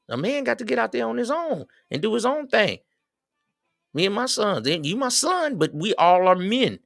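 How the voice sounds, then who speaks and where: A middle-aged man giving casual advice in a slangy, preachy, joking way, with loud swings. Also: medium pitch, no room sound, clean studio sound. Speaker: show host.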